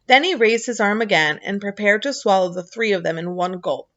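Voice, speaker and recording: A woman reading a children's novel aloud in an expressive way, with casual asides, in a dull lo-fi recording. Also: mid-range voice, brisk. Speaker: reader.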